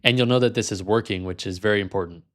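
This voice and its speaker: Male vlog host, slightly low voice, frank casual delivery. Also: fast talker, a bit bright. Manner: casual, frank, sometimes amused. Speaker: language learner and video host.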